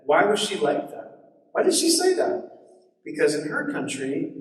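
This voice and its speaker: A man preaches in an easy, conversational way, breaking off for chatty asides. His voice sits somewhat high and carries long reverb through a church hall, picked up from a distance. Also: wildly swooping pitch, a little slow. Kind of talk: sermon. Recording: echoey hall from far off.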